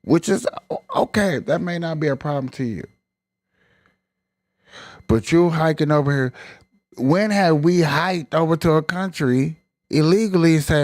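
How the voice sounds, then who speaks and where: A man's voice: on the high side, moderate pace, pauses often, dry recording. A man hosting a live stream, ranting in emphatic, colloquial casual commentary.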